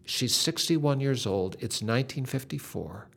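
An older man telling a faith story in an earnest, dramatic way, with lively shifts in emphasis. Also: medium pitch, unhurried, creaky, breathy edge.

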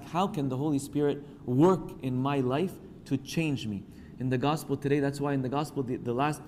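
Male priest, preaching a sermon, middle pitch, echoing hall, faint background ambience. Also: darkish tone, slight background noise. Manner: preaching with rising emphasis, acting out quoted voices.

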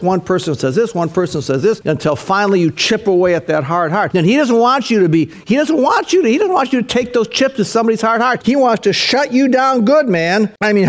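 A middle-aged man preaches with emphatic, insistent delivery. He leans on repetition to drive his points home, in a voice pitched a little above average for a man. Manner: emphatic preaching, repeats key phrases. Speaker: pastor. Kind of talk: sermon.

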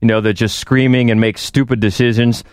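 A man's voice: medium pitch, fairly quick, smooth, no echo, studio quality. A man co-hosting a podcast, chatting enthusiastically about horror films. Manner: enthusiastic, animated. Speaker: podcast co-host.

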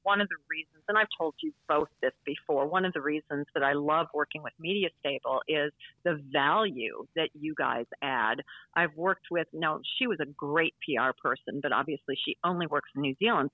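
A woman's voice: deep voice, no echo. A woman from Wisconsin with an American Midwestern accent, a guest speaking in a casual podcast interview with a chatty, self-deprecating manner and frequent restarts. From Wisconsin, USA. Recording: tinny phone-like line.

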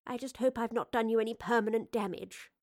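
A woman voicing a kindly, careful professor and inventor who speaks gently, politely and without hurry. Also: a little high, fairly even intonation, fairly quick, close to an everyday voice. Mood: gentle.

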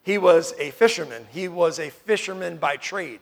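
A man from New York preaching a sermon as pastor, emphatic, swinging from loud declarations to hushed tones and asking the room "Amen?" often. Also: a little high, moderate pace, gravelly.

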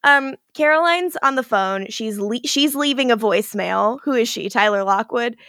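A woman's voice: on the high side, normal speed, a bit bright, no echo, studio quality. A young adult woman hosting a podcast, recapping a TV episode in a chatty, giggly way and acting out quotes. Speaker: podcast host.

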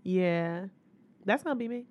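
Woman, podcast co-host, casual chat, profane, laughs often, mid-pitched voice. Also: lively intonation, a little slow, lo-fi sound. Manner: loose and profane, laughs often while retelling.

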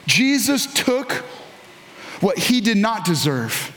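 A man preaching a sermon as pastor, earnest and emphatic, slowing down to stress key lines and repeating them. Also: high voice, very animated, fairly bright tone. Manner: earnest, emphatic preaching with dramatic slowdowns and repetition.

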